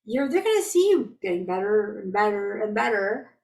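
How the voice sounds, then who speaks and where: A middle-aged woman leading an online group healing call, chatting about everyday frustrations in a gently reassuring, anecdotal way. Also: medium pitch, sing-song, moderate pace. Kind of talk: casual spiritual talk to a group. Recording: voice distant from the mic.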